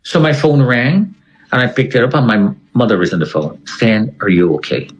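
A man's voice: medium pitch, sing-song, moderate pace, muffled recording. A man, an interview guest, retelling a personal story in a conversational way and acting out the voices of people he quotes.

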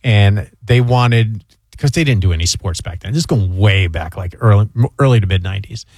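A man's voice: lowish voice, normal speed, no echo. A man from New York, a radio host in casual chat, telling stories animatedly and acting out what others said. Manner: animated storyteller, acts out quoted voices.

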